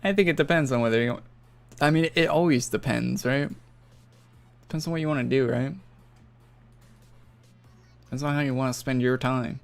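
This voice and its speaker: With long pauses between thoughts, a young man from northern Alberta, Canada, rambles and casually swears as he chats on a gaming stream. He speaks at a normal speed in a mid-range voice that is gravelly yet clean in tone, and faint music plays behind.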